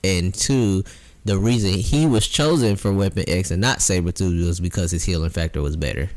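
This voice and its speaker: A man's voice: low voice, moderate pace, a little mellow. A young man co-hosting a podcast in casual chat, matter-of-fact and firm when correcting details. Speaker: podcast co-host.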